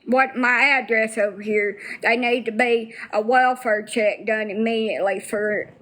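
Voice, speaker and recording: A woman's voice: fairly high pitch, steady tone, unhurried, a bit bright. A woman talking bluntly to viewers on a casual livestream, swearing freely.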